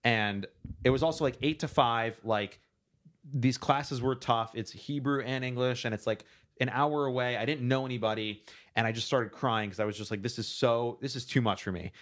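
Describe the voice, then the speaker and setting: A man's voice: mid-range voice, normal speed. A young man casually telling a long story, acting out quotes along the way. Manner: animated storyteller, acts out quotes.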